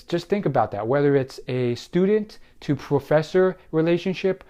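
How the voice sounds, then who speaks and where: A man's voice: fairly high pitch, animated, moderate pace, dark tone. A young man hosting a self-help video, explaining tips in a casual, conversational way with frequent fillers and restarts. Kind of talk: casual talk to camera.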